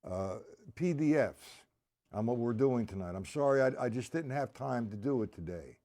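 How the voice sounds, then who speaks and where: In a casual live-streamed drum lesson, a man chats with viewers, reads their comments aloud, and drums between exercises. He has a mellow, medium-pitched voice with lively intonation at normal speed.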